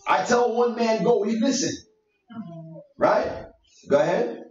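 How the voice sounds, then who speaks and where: A man's voice: sits high, slow pace. A man leading a Bible study, preaching emphatically in a conversational way with street slang. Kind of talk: sermon-style Bible teaching. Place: church meeting room. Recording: echoey room, distant mic, dull sound.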